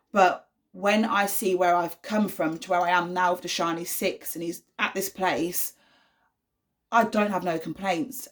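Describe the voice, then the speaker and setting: A young woman in a casual vlog, chatting straight to camera about everyday life as a mum. Her voice sits a little low, and she talks in an earnest, reassuring way. She leans on plenty of ums and you-knows. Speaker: vlogger, mother of an autistic son.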